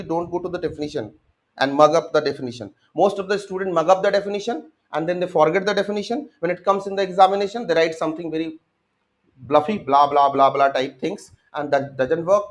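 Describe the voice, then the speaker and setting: A young man with an Indian English accent, giving an exam-prep lecture and acting out students' answers as he speaks to them directly. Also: on the high side. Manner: addresses students directly, acts out their answers.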